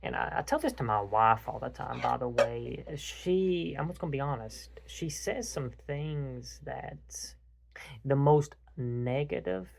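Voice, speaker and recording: A man hosting a casual chat, telling rambling, animated stories and swearing freely. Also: mid-range voice, unhurried, gravelly, a little hiss or hum. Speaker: podcast host.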